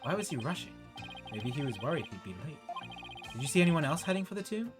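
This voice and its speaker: A man's voice: a little high, very animated, fast, music in the background. A man voicing an earnest, easily flustered young male lawyer in a raised, startled reading. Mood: worried. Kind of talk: reading game dialogue aloud.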